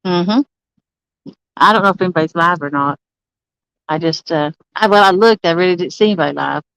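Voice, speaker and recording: A woman's voice: fairly low pitch, fairly quick, fairly bright tone, clear, resonant tone, no echo, low-quality recording. A woman chatting casually on a live stream from a campsite, greeting viewers by name and laughing often. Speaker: livestreaming angler. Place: campsite outdoors.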